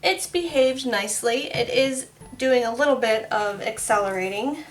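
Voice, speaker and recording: A woman with a slightly high voice narrates her soap making in a loose, casual vlog. She is chatty and laughs now and then as she tells stories while she works. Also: normal speed, faint music behind. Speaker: soap maker.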